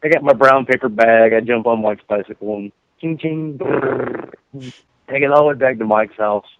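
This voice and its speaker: A man's voice: medium pitch, normal speed, vocal fry. A man telling a rambling, profane story on a podcast, laughing at his own jokes. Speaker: podcast co-host. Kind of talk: casual storytelling. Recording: dry, phone-like narrow sound.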